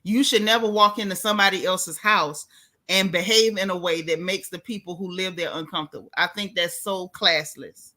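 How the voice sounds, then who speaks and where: An American woman hosts a casual chat about reality TV. Her voice is bright and forward, and she talks in a sassy, emphatic way, often restarting her sentences. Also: on the low side, steady tone, normal speed. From United States. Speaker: host.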